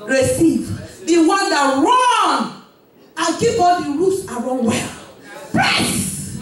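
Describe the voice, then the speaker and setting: A woman preaching a fervent sermon, acting out pleading voices with bursts of shouting. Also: extremely high pitch, very animated, slow. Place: large church hall. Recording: echoey church hall, voice from a distance, audience audible.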